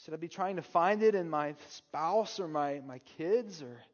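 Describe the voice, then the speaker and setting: A man preaching a sermon as pastor, moving from hushed, slow passages to loud, urgent calls. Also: on the high side. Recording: dull long-reverb hall sound.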